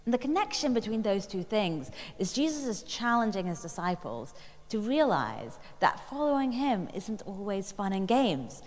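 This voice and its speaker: A woman giving a sermon, reflective and storytelling in tone, with pauses and small fillers as she works through her thoughts. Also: mid-range voice, big pitch swings, a little mellow. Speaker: preacher. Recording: long hall reverb.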